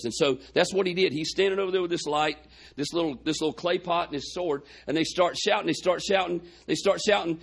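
Male preacher, congested chest, gravelly voice, folksy storytelling sermon. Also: on the high side, a little fast. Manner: folksy, retells scripture with quoted dialogue.

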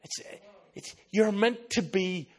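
A man with an Irish accent, a pastor preaching a sermon and telling stories in an animated way, slipping into other people's voices. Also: high voice, slow pace. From Ireland.

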